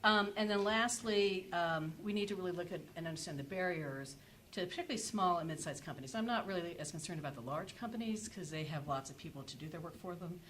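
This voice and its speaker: A woman's voice: fairly low pitch, quick pace, a bit bright, a little hiss or hum, rough recording. A woman giving a conference panel presentation, speaking with many fillers and restarts as she works through her points. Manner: hesitant, many fillers and self-corrections. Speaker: energy policy panelist.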